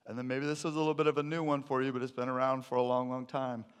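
A man's voice: mid-range voice, completely flat delivery, very fast, clean tone. A man preaching a sermon, opening with a funny story before teaching on scripture. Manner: storytelling with a joke, then teaching. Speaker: pastor.

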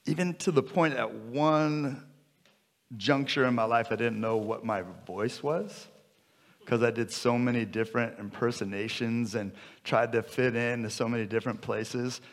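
A man's voice: mid-range voice, fairly even intonation, normal speed. A man in his fifties preaching a sermon in a conversational, joking way that builds to emphatic repetition. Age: 50s. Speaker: pastor.

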